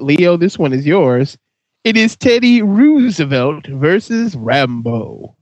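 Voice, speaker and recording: A man's voice: fairly high pitch, big pitch swings, slow, a little mellow, dry recording. Dry-sounding man moderating a panel. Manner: moderating, calls on each panelist. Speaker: podcast host. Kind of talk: casual comedic banter.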